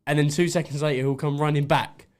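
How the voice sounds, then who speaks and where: A man's voice: on the high side, flat delivery, fast, darkish tone. A man co-hosting a podcast, telling a rambling story in casual chat and giggling often. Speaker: podcast co-host.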